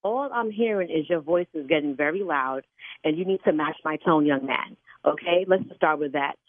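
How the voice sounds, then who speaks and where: A woman's voice: deep voice, moderate pace, dry recording. An older woman who interprets sign language at church, stern and scolding on a phone call. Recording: tinny phone line.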